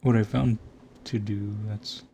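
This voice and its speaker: Nasal dude with a kinda dark mellow voice, just rambling late at night, swears a bunch. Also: male voice, on the low side, level tone, a little slow, gravelly, slight background noise. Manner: rambling, swears a lot, laughs at himself.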